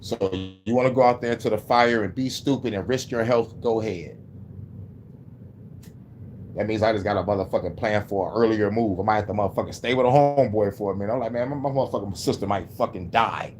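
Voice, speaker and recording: A man's voice: on the low side, steady tone, fast, a little mellow, a little hiss or hum. A man talking casually on his livestream, rambling and venting with heavy swearing. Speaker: livestreaming musician.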